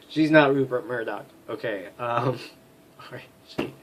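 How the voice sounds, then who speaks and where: A man's voice: mid-range voice, slow, fairly bright tone. A man casually commenting on a story game, laughing often, swearing, and rambling. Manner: giggly, profane, rambling. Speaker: let's play host.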